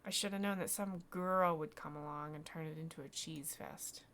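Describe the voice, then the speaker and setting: A woman's voice: sits low, fairly even intonation, normal speed, fairly bright tone, a little hiss or hum. Woman doing a grumpy sarcastic guy doctor, dry and wry.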